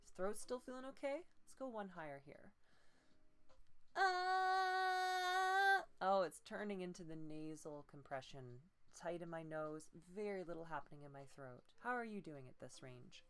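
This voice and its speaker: Low-voiced woman coaching voice exercises. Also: lively intonation, a little fast, hardly any pauses. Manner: subdued, patient instruction broken by demonstrated croaks and pinched tones. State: low energy. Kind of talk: streamed voice-training lesson.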